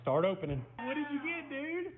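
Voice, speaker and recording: A man's voice: very high-pitched, wildly swooping pitch, brisk. A man handing out gifts in a casual family video, playful and teasing. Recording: phone-like audio, loud crowd.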